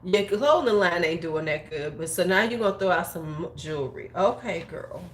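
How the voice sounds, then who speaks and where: A woman's voice: on the low side, expressive, moderate pace. A woman in her forties, a beauty YouTuber, talking bluntly and profanely in casual opinion chat. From United States. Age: 40s. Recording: roomy echo.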